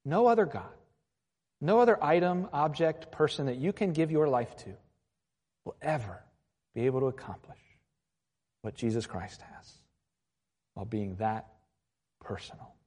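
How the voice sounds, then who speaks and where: Male pastor preaching, earnest, big echoey hall, mid-pitched voice. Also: lively intonation, normal speed, pauses often, breathy edge. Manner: earnest, mixes quieter reflective lines with raised passages. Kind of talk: sermon. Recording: long hall reverb.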